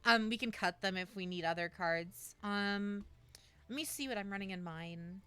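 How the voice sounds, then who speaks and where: A woman's voice: medium pitch, moderate pace, bright, forceful tone, clear, resonant tone. A woman streamer in casual livestream chat, coaching a friend through building a deck, with many fillers and restarts.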